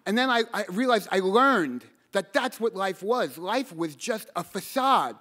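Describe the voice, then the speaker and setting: A man telling a personal story live on stage, earnest and halting, repeating words as he goes and bursting into shouts when he quotes himself. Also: high voice, lively intonation.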